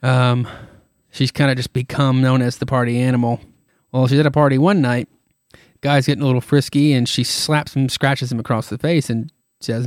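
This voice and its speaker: A man's voice: medium pitch, fairly even intonation, moderate pace, no room sound, clean studio sound. A man hosting a podcast, casually retelling a comic with many fillers and irreverent asides, his throat tired. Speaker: podcast host.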